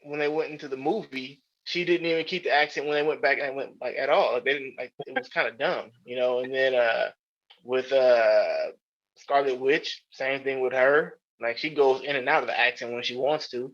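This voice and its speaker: A man's voice: mid-range voice, steady tone, moderate pace, fairly bright tone. A man co-hosting a podcast, chatting casually with rambling, profane opinions and many restarts. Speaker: podcast co-host. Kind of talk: casual chat. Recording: dull lo-fi sound.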